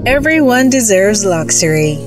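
A woman reading a scripted advertisement in a smooth, lilting voice over music. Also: medium pitch, big pitch swings, normal speed. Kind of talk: scripted ad narration. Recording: music bed underneath.

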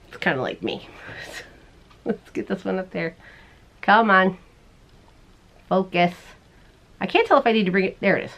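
A woman hosting a crochet show, chatting casually to the camera in a bubbly way, laughing often and putting on silly squeaky voices. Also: a bit bright. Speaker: crochet podcast host.

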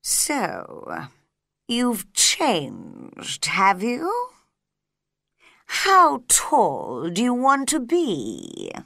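A woman voicing a slow, sleepy and unfriendly male caterpillar in a storybook reading, drawling out curt questions. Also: fairly high pitch, huge pitch swings, creaky, sharp tone, dry recording, clean studio sound, exaggerated voice.

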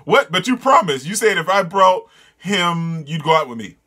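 A pushy, easily upset schoolboy, read aloud by a man from a comic. The delivery is loud and lively, and the tone is bright. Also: high-pitched, moderate pace, full character voice. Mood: indignant.

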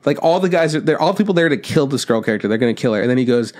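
A young man co-hosting a podcast in casual chat, retelling funny scenes with loose swearing and quick put-on voices. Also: mid-range voice, animated, a little mellow. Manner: loose, profane, acts out scenes in quoted voices. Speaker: podcast co-host.

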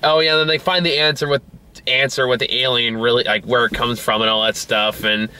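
Bright-voiced man chatting about movies. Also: medium pitch, little pitch movement, fairly quick, clean tone. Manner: rambling, laughs often, frequent fillers. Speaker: movie review co-host. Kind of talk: casual movie review chat.

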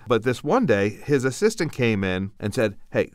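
A man's voice: mid-range voice, normal speed, no echo. An older man, a podcast co-host, telling a personal story in casual chat and acting out the quotes. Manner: animated anecdotal storyteller, acts out quotes.

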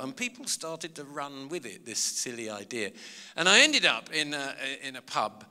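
Man, comic storyteller, lively swooping pitch, bright forceful tone, long hall reverb. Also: normal speed. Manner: chatty, self-mocking, animated anecdotes. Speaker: comedian and author giving a talk. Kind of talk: storytelling talk to a live audience. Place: large public hall.

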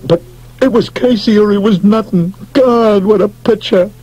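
A man voicing a loud, excitable baseball manager who talks in a brash, gushing way, in an audiobook. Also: medium pitch, normal speed, slightly rough, pitched above the performer's own voice, low-quality recording. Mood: plaintive. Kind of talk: audiobook character voice.

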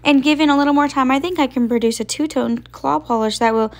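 A woman voicing an excitable, vain female hamster who talks dramatically and gushes, raised higher than her reading voice. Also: fast. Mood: gushing. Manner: dramatic, gushing.

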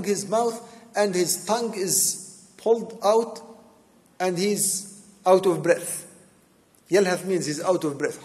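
A man with a high-pitched voice preaches with fire and emphasis, stressing his points hard and dropping into chanted Arabic verses. His voice rings with a long reverb, as if he is speaking in a large hall. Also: animated, measured pace, pauses often, a little mellow. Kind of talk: sermon explaining Quran verses.

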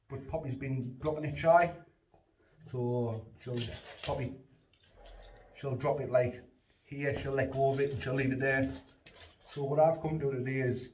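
Man, casual dog-training vlog, mellow, distant roomy phone sound. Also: medium pitch. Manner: plain, rambling, lots of fillers, short firm commands to the dog. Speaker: dog owner training his spaniel. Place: indoors in a house hallway. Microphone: phone on the stairs, away from him. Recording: roomy, distant phone recording with faint noise.

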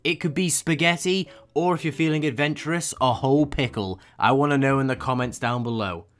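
A man's voice: medium pitch, fairly quick. A young man hosting a comedic reaction video, incredulous and sarcastic, breaking into laughter often. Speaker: YouTube reaction host.

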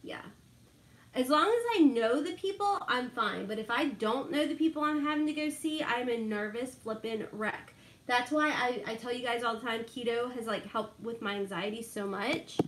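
A woman's voice: fairly high pitch, normal speed, fairly bright tone, echoey room. A middle-aged woman, chatting casually and laughing a lot with live viewers while doing her makeup. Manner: chatty, laughs often, reads out viewer names.

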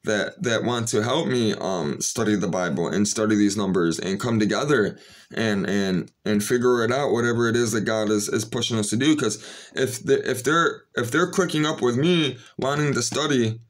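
With a lowish voice at ordinary speed, this male vlogger addresses his viewers in a loose, earnest monologue. He rambles, restarts often, and leans heavily on "you know" as filler.

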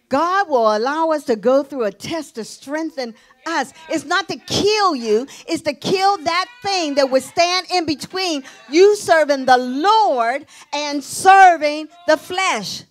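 A middle-aged woman pastor preaching a sermon, telling a personal testimony, dropping to hushed tones and rising to exclamations. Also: high-pitched, lively intonation, measured pace, few pauses. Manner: emotional testimony, shifting between hushed and exclaiming.

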